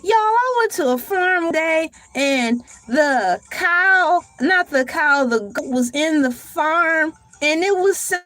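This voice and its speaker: A woman hosting a casual live stream, talking in an animated, dramatic way and breaking into shouts and laughter. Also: high-pitched, takes it slowly, few pauses. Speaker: livestream host.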